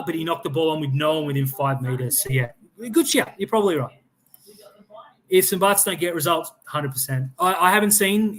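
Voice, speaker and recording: A man's voice: a little high, fairly bright tone. An Australian man hosting a fan sports chat, blunt and opinionated, swearing freely and often restarting his sentences. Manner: frequent restarts and stammered repeats. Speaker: fan podcast host. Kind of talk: casual live-stream sports chat.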